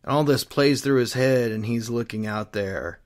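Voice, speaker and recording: A man's voice: medium pitch, moderate pace. A man casually retelling a comic book storyline, rambling with plenty of fillers and restarts. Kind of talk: casual chat.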